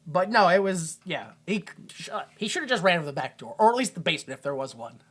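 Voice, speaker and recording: A man's voice: sits high, very animated, fairly bright tone, breathy edge. Rambling young man recapping a film. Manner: rambling, jokey retelling with quick asides. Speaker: podcast co-host. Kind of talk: casual movie recap chat.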